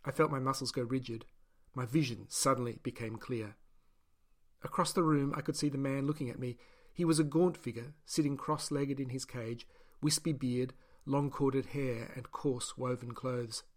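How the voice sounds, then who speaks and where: A man reading a first-person novel as an audiobook narrator, in a steady, measured way. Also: mid-range voice.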